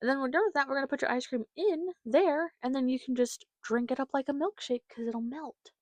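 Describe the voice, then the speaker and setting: Chatty woman, higher voice, dry sound. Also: fairly quick, no room sound. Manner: rambling, chatty, acts out quotes of her family. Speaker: podcast host. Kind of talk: casual storytelling monologue.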